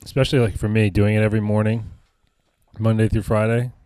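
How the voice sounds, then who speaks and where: Laid-back man with a low voice. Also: little pitch movement, quick pace, dark tone, clear, resonant tone. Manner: laid-back, frequent "you know what I mean". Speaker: comedy podcast co-host. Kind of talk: casual chat.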